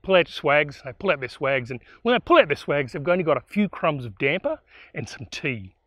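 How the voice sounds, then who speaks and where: A man's voice: fairly high pitch, brisk, no echo. Casual male storyteller. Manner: casual, animated retelling with asides. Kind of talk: spoken historical storytelling.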